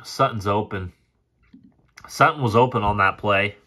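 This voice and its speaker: A man's voice: on the low side, a little slow, pushed and bright. A man casually breaking down football game film, frustrated and sarcastic and swearing often. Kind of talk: casual play-by-play film commentary.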